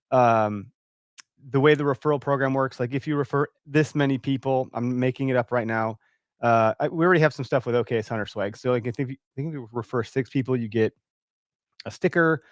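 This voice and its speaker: A man's voice: mid-range voice, a little fast. A man from Wisconsin chats casually on a live stream from his home computer, rambling and stopping to read viewer comments. He sounds a bit out of breath with a stuffy nose. The mic is close and dry, with no room echo. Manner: rambling, reads comments aloud, many fillers. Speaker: host of a hunting podcast. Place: home, early morning.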